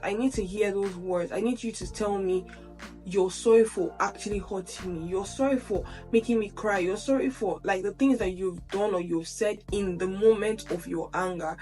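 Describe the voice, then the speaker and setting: Earnest woman talking over faint music. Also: mid-range voice. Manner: earnest, conversational, repeats herself while thinking. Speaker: video creator. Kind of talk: casual reflective talk to camera.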